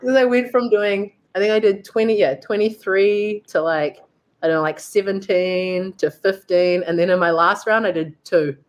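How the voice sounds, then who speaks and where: A guest fitness coach and athlete from New Zealand, this young woman speaks in a mid-range voice with a steady tone and moderate pace. Telling a story casually, she uses "like" often and performs her own thoughts as quotes.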